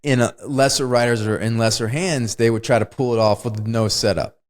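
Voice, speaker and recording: A man's voice: medium pitch, fairly even intonation, brisk. A man co-hosting a podcast, chatting casually about a film, laughing often and using lots of "like". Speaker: podcast co-host. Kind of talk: casual movie discussion.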